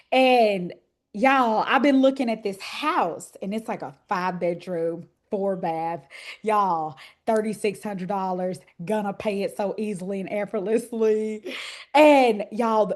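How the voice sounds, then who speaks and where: A woman from Texas with a Texas accent preaching to women, folksy and country, calling on listeners by name. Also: a little high. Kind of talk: lively sermon to women's group.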